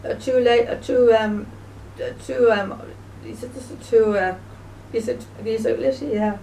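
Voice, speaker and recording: A woman video blogger speaking in a casual, halting way, full of fillers and restarts, and sounding emotional and grieving. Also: on the high side, fairly even intonation, gravelly, warm tone, recorded from a distance, slight background noise, poor audio. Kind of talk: casual spoken remembrance.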